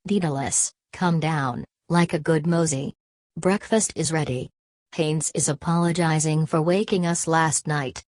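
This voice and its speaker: A woman voicing a boisterous, teasing young male medical student in an audiobook, reading his lines with a low, dry voice. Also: a little slow, darkish tone, no echo. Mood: jovial. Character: brash mocking young Irish medical student.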